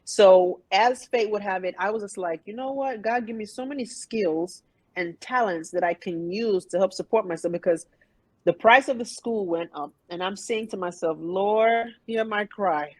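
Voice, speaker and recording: A woman in her fifties, a guest in a casual interview, telling her story in an emphatic, animated way. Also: mid-range voice, normal speed, no room sound, low-quality recording. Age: 50s. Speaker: interview guest, private pilot.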